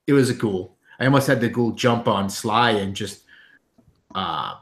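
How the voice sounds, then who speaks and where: A man narrating as game master of a tabletop game, halting with frequent ums and restarts. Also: fairly low pitch, expressive.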